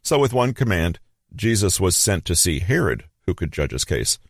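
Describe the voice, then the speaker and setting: A man narrating a scripted Bible story in a measured, grave manner, letting pauses hang between phrases. His voice sits very low. The sound is close and dry, with no room echo. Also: big pitch swings.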